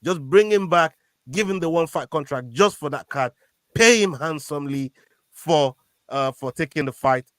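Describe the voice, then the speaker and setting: A fairly high-voiced man co-hosting a casual combat sports podcast, talking in an animated and excitable way. He stammers and restarts when he gets worked up. The sound is close and dry. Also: normal speed, no room sound. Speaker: podcast co-host. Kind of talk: casual MMA chat.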